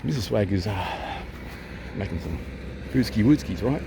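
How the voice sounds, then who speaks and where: Ranting Australian man with a lively voice. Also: lowish voice, moderate pace, creaky, background noise. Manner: agitated, swearing, repeats himself, jumps between loud and hushed. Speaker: vlogger. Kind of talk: ranting vlog to camera. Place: outdoors near a town. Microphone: handheld camera at arm's length.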